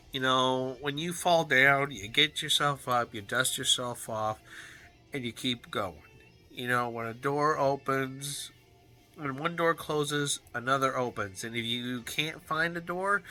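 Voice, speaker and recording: A man recording a personal video journal, talking in an earnest, heartfelt way with halting restarts and fillers. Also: medium pitch, bright, forceful tone. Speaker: vlogger.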